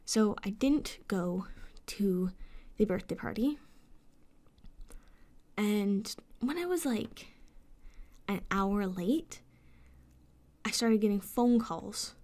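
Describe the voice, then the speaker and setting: A woman's voice: medium pitch, measured pace, darkish tone. Young woman venting in an upset rant. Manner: upset, venting, swears a lot, drops into whispers. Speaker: vlogger. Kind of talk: emotional storytime rant.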